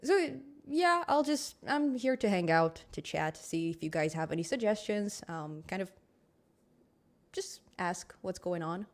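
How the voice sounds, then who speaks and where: A woman's voice: on the low side, animated, measured pace. Chatty woman hosting a live stream. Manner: chatty and upbeat, laughs often, lots of ums. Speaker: livestream host of a programming channel. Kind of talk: casual live-stream chat with viewers.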